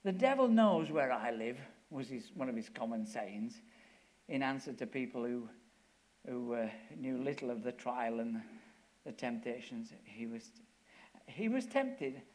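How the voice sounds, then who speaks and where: A man's voice: mid-range voice, lively intonation, measured pace, a little mellow. An older man preaching a sermon, telling a story and then urging his listeners with rising force.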